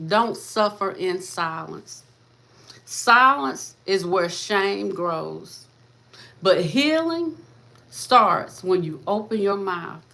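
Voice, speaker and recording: A woman's voice: medium pitch, sharp tone. A woman hosting a faith-based motivational talk, speaking fervently, repeating her lines and calling listeners "sis" and "baby". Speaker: host of a motivational channel.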